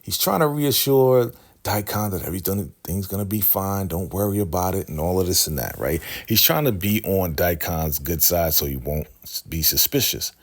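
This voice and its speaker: A man hosting a casual TV recap vlog, animated and laughing as he acts out the characters' lines. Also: low-pitched, moderate pace. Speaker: recap host.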